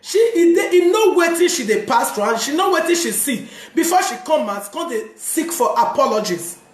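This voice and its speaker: A woman's voice: high voice, normal speed, echoey room. A woman with a Nigerian Pidgin accent, a mother of three, talking to her viewers about forgiveness and often asking "you understand?". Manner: animated, repeats "you understand?", laughs often. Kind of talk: casual talk to camera on forgiveness.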